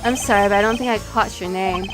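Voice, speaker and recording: A woman voicing a composed, formal male prosecutor in a lowered, measured voice over game music. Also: fairly even intonation, natural voice.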